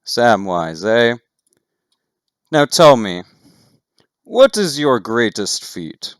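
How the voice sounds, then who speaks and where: A man's voice: mid-range voice, sing-song, drawn-out words, clean tone, dry recording, clean studio sound, pitched above the performer's own voice. A man doing a brusque dockhand barking questions. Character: brusque male dockhand checking a boarding list.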